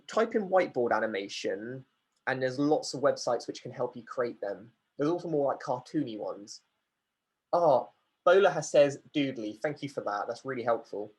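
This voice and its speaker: A man's voice: medium pitch, slightly rough. A man running an online workshop, chatty, reading out questions from the chat and answering them. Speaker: workshop facilitator.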